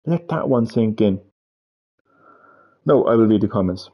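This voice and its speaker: A man's voice: lowish voice, expressive, measured pace, breathy edge. A man chatting on a gaming live stream, rambling, swearing freely and repeating himself. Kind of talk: casual live-stream chat. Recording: dull lo-fi stream audio.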